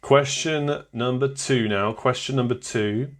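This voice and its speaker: A man's voice: mid-range voice, a little slow. A man hosting a live online quiz, chatting, reading out scores and viewers' comments and laughing often. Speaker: quiz host.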